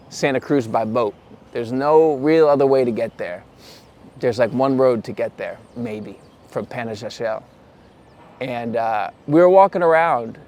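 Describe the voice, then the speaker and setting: A young man vlogs to camera, rambling chattily through a casual story and correcting himself along the way. He puts on voices when quoting people, and his mid-range voice has a darkish tone.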